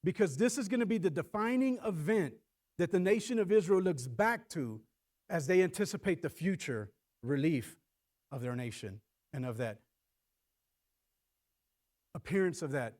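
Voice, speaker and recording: Lively man preaching a sermon. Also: high-pitched, moderate pace, long pauses. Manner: animated preaching, acts out voices; repeats words when starting a thought. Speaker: pastor.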